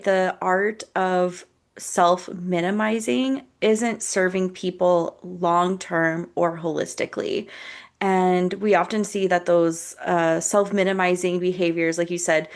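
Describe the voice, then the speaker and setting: Thoughtful woman therapist on a podcast. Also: fairly low pitch. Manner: thoughtful, warm, many ums and likes. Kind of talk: casual podcast chat, reflective.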